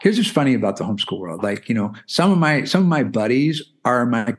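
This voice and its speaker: A man's voice: mid-range voice, sing-song, brisk. A man in his forties talking as a guest on a podcast interview, explaining in a chatty way with lots of "you know" and "right?". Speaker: guest, math curriculum founder.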